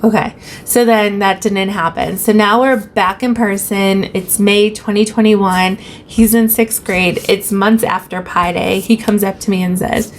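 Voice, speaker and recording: A woman's voice: medium pitch, fairly even intonation, measured pace, slight background noise. Woman telling a personal story casually. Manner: conversational, retelling dialogue in her own voice. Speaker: teacher and vlog host.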